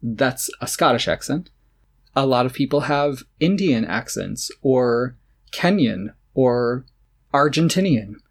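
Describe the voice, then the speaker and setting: A man's voice: medium pitch, lively intonation, slow pace, creaky, husky. A man co-hosting a podcast in casual chat, opinionated and sarcastic, often laughing as he talks. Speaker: podcast co-host. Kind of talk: casual chat about tennis.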